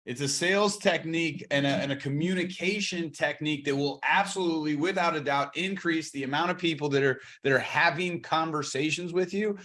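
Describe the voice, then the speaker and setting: A man coaching real estate agents in a training talk, energetic, restarting words and slowing for emphasis. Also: fairly high pitch.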